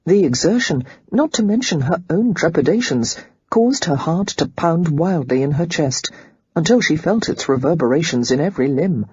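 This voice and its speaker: An audiobook narrator giving steady, measured scripted narration of a novel. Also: medium pitch, breathy edge, dry recording, dull audio.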